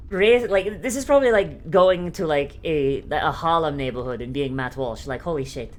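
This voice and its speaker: A woman's voice: deep voice, normal speed, few pauses. A young adult woman streaming, chatting casually in a rambling, profane way with many fillers and frequent laughter. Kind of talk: casual live-stream chat.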